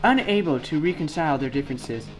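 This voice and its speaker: A young man narrating a mock documentary in a deadpan, mock-serious way, with guitar music behind. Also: a little high, quick pace.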